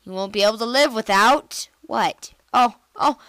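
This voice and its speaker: A woman giving casual let's-play commentary on a computer game, chatty and excitable, jumping into squealy high bursts. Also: normal speed, few pauses, no echo. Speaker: gameplay commentator.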